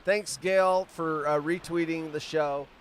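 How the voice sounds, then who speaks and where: A man's voice: fairly high pitch, fairly even intonation. A man in his fifties hosting a casual live stream from outdoors on vacation, rambling off on tangents and swearing freely. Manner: profane, rambling, quick tangents. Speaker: host.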